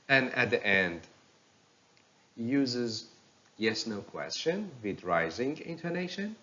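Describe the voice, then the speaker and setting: A man teaching pronunciation in a recorded lecture, explaining slowly and reading example sentences aloud. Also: fairly low pitch, bright, forceful tone, lo-fi sound.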